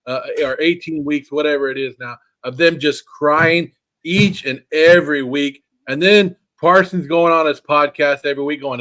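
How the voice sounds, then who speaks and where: A man's voice: on the high side, normal speed, fairly bright tone. Man gleefully trash-talking in sports chat. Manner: mocking, gleeful trash talk. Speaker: podcast co-host.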